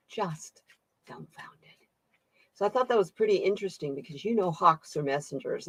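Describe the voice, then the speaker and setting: A woman's voice: low voice, fairly bright tone, no room sound. A woman hosting a casual live-stream tarot reading, chatting with her viewers, laughing often and reading their comments aloud. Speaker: tarot reader and channel host.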